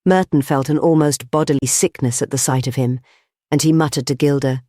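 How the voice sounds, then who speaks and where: With a medium-pitched voice and studio-quality sound free of room tone, a man reads a scripted audiobook narration in a steady, measured way.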